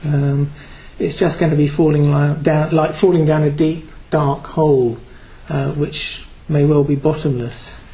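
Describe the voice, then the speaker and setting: Man, British, Buddhist teacher, dharma talk, reflective, hesitant, fillers, slightly high voice. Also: fairly even intonation, a little slow, hardly any pauses, mellow, rough recording.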